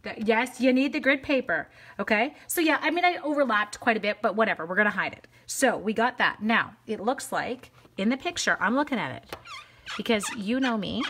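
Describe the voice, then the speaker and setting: A woman's voice: fairly high pitch, expressive, brisk, fairly bright tone, slightly rough. Bubbly woman chatting through a craft demo. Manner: chatty, bubbly, talks to viewers by name, narrates each step. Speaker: stamping demonstrator live-streaming. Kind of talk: casual live crafting demo.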